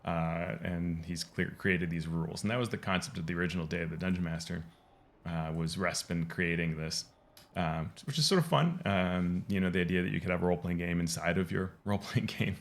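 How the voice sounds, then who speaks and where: Brief: a man with a deep, gravelly voice giving casual, meandering gameplay commentary at the desk mic. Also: fairly quick. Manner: rambling, full of ums and restarts, explanatory. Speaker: game lore video host.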